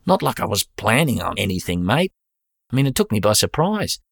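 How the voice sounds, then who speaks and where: A man reading a sheepish Australian husband who talks in easygoing slang, in a very low voice. The recording is dry and close, with no room sound, in this spoken story. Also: big pitch swings, fairly quick, creaky, no room sound, heavily acted. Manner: sheepish, laid-back slang. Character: sheepish Aussie husband, middle-aged man.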